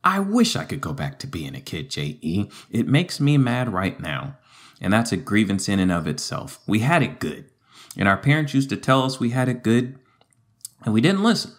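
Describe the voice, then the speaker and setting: A man's voice: fairly low pitch, sing-song, normal speed. A man co-hosting a podcast in casual chat, playful and teasing, drawing out his words. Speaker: podcast co-host.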